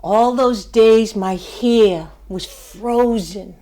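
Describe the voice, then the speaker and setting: A woman's voice: medium pitch, extremely slow, mellow. An older woman giving a motivational speech to her class, telling a story with emphasis and laughing at herself. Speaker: student speaker.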